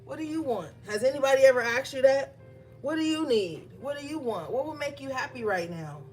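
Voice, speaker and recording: Chatty high-voiced woman reading tarot. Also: expressive, fairly quick, soft background music. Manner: chatty, emphatic, talks straight to viewers. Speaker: tarot reader. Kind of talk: casual tarot reading to viewers.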